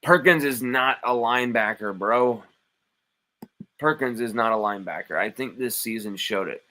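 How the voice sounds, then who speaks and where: A man's voice: medium pitch, moderate pace, sharp tone, rough recording. A man hosting a live sports stream, reading chat comments aloud and arguing back with playful mock indignation.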